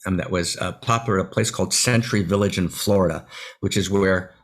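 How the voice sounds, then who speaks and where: Low-pitched and fairly quick, this man's voice stays fairly even in intonation as he appears as an author guest on a video call. Passionate and at moments close to crying, he punctuates many points with "right?"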